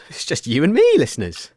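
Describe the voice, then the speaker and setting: A woman's voice: very deep voice, normal speed, breathy edge, no echo, clean studio sound, heavily acted. A woman voicing a flustered, chatty radio show host in a comedy audio sketch, hesitant and full of fillers. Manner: hesitant, excitable, lots of fillers.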